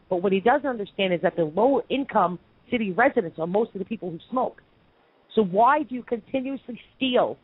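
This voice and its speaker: A woman's voice: mid-range voice, breathy edge, dry recording, narrow, tinny audio. A woman from Brooklyn hosting a call-in radio show, ranting with heated opinions. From Brooklyn, New York.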